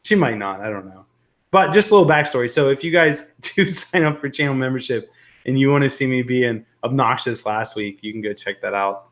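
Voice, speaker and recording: Young male streamer, casual rambling chat, average pitch, joking tone, reads comments aloud. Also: expressive, a little fast, a bit bright. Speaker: livestream host.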